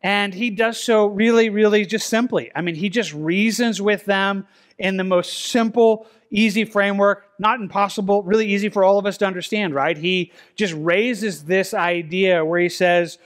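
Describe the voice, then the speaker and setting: A man with a fairly high voice preaches in a church, talking it through casually and pausing to read scripture slowly. He often stumbles and repeats a word, and keeps things plain and easy to follow. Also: steady tone. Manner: conversational, repeats words, reads scripture slowly. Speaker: pastor. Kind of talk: expository sermon. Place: church sanctuary.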